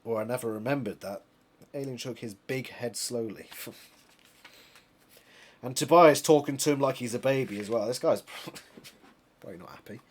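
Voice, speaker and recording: British man, husky, reads a novel aloud with chatty commentary and self-corrections. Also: mid-range voice, moderate pace, long pauses. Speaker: reader of a book series.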